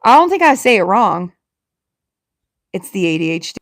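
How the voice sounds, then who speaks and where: Fast-talking woman with a Southern Alabama accent. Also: on the low side, big pitch swings, dry recording, studio quality. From Alabama, USA. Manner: talks fast and slurs words together; chatty and self-deprecating. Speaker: livestream host. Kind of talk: casual live-stream chat with viewers.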